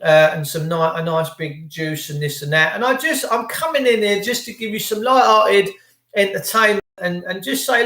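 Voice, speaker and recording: Guy ranting to his vlog camera, repeats himself a lot, kinda high voice. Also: moderate pace, bright, forceful tone. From England. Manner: ranting, emphatic, repetitive. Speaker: vlogger. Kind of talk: casual monologue to camera. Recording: echoey room.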